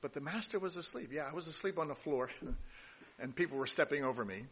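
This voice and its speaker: A man's voice: on the high side, expressive, a little fast, fairly bright tone, husky, in a large hall. A man giving a sermon, reading scripture aloud and adding casual asides, with some restarts along the way. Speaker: pastor.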